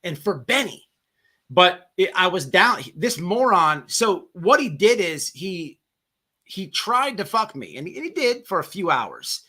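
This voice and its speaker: A man's voice: sits high, big pitch swings, measured pace, pushed and bright. A man hosting a casual livestream, telling a long profane jail story with many repeated words. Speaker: livestream host.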